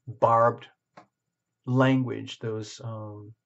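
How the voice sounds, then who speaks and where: A man's voice: fairly low pitch, flat delivery, drawn-out words, gravelly. Man rambling through a tarot reading. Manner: rambling, searching for words, frank. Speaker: tarot reader. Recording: slightly muffled lo-fi recording.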